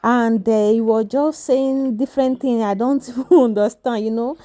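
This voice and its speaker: A woman vlogging as a mother from a hospital room. She talks casually to viewers and soothes her son softly, repeating reassurances. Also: fairly high pitch, steady tone, normal speed, low-quality recording. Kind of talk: casual vlog chat.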